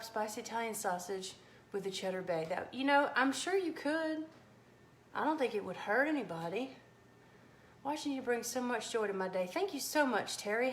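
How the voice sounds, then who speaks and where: A folksy woman chats away as she cooks live in her home kitchen and answers viewers. Her voice sits at an ordinary middle pitch. The kitchen rings with echo, with a faint hum of noise behind her. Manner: chatty, folksy, animated. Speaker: cooking livestream host. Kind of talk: casual live cooking chat, reading viewer comments.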